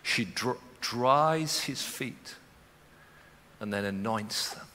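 A man preaching a sermon as pastor, moving from quiet storytelling to impassioned preaching in a church auditorium. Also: medium pitch, expressive, takes it slowly, a little hiss or hum. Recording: long reverb of a large hall.

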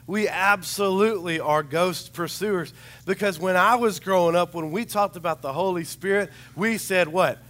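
A man preaching a sermon, with a chatty, rambling storytelling manner and a slightly hoarse voice. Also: sits high, moderate pace, fairly bright tone. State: hoarse, recovering voice.

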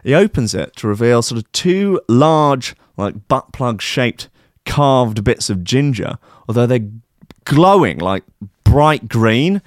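A man's voice: mid-range voice, big pitch swings, takes it slowly, dry recording, clean studio sound. A man hosting a comedy show, rambling through a silly story with lots of fillers. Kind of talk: comic storytelling.

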